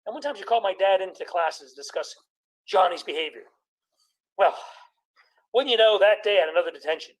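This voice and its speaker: A man in his sixties does a stand-up routine about his childhood, firing off quick jokes and impressions of his family. His voice is high and expressive, and the recording is rough.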